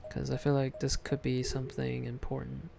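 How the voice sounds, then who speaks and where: A game streamer doing live gameplay commentary, reading the on-screen text aloud and thinking out loud. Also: mid-range voice, completely flat delivery, normal speed, vocal fry, noisy background.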